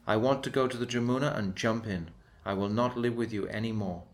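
A man's voice: fairly low pitch, brisk, close to an everyday voice. A man reading as an indignant young cowherd boy.

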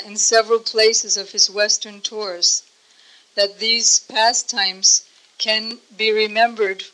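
Woman, religious teacher, slow deliberate delivery, bright clear tone, gentle storytelling. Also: medium pitch, low-quality recording. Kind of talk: devotional storytelling talk.

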